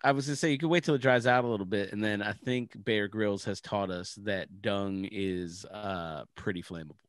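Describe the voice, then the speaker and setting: A man co-hosting a comedy podcast, laying out crude joke schemes in a relaxed, swearing way. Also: lowish voice, moderate pace, no room sound, studio quality. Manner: crude, laid-back, scheming jokes. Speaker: podcast co-host. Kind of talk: casual comedic podcast chat.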